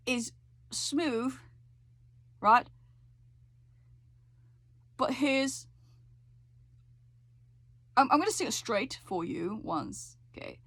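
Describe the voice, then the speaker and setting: In a dry recording with no room sound, a woman with a slightly high, somewhat bright voice explains a singing lesson. She coaches with frequent check-ins and sung demonstrations.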